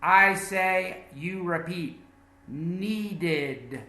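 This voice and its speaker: A man teaching English pronunciation, drilling words slowly and emphatically. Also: a little high, animated, sharp tone, roomy sound. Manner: slow, deliberate drilling with emphatic repetitions.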